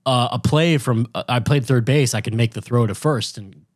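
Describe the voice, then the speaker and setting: A man's voice: mid-range voice, moderate pace, dry recording. A laid-back man co-hosting a podcast. He tells loose stories with a laugh and swears casually. His voice sits mid-range and sounds dry and close. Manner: relaxed, laughing, swearing storyteller. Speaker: podcast co-host.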